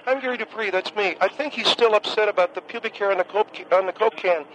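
A man voicing an awkward, obsessive male caller on a comedic radio call-in sketch, who talks in a monotone and keeps repeating the same catchphrase. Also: high-pitched, fast, lo-fi sound, voice pushed up. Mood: droning.

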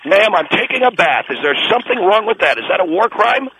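A man's voice: high voice, big pitch swings, brisk, voice pushed up. A man voicing a smug, brash rich businessman who mocks callers while sitting in a bathtub, on a noisy line. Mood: indignant. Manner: brash, mocking, dismissive. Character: smug rich male boss bathing in a tub. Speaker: guest on a radio call-in show.

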